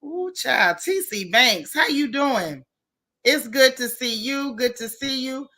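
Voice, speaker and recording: A woman hosting a casual livestream, greeting viewers one by one in relaxed, slangy chat. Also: sits high, takes it slowly. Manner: warm, chatty, Southern American slang, greets viewers one by one. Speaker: livestream host.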